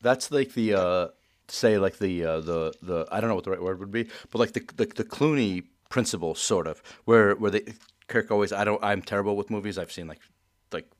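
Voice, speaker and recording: A man's voice: on the low side, a little fast. A man hosting a casual podcast, rambling with many fillers and restarts. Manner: rambling, full of likes and restarts.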